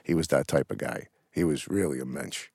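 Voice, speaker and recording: A man's voice: very deep voice, a little fast, vocal fry, darkish tone, breathy edge, no room sound, clean studio sound. A middle-aged man, an actor, telling rambling stories with restarts and casual swearing in an interview.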